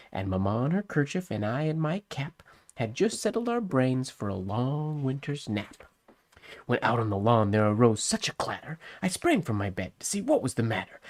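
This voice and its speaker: Gravelly-voiced man chatting while writing. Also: medium pitch. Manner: relaxed, thinking aloud while writing. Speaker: calligrapher streaming a writing session. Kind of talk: casual live-stream chat and poem reading.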